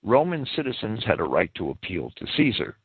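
A man delivers verse-by-verse scripture commentary in a lively, rising-and-falling voice. He talks deliberately and pauses to spell out words. The audio is thin and phone-like, with a dry, close sound. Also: lowish voice, slightly rough, dry recording. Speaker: Bible commentator.

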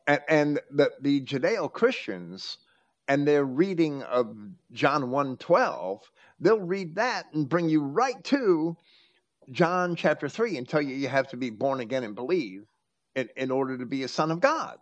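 A man's voice: on the high side, very animated, a little slow, highs cut off. A man hosting a talk, teaching from scripture with emphatic quoting. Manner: preachy, quotes scripture with emphasis. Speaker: host.

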